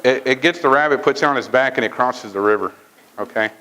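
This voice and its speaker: A man giving a motivational talk at a sales training event, telling a fable in a lively way and often checking in with the audience. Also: mid-range voice, fast talker, low-quality recording. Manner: lively storytelling, checks in with "right?" and "okay?".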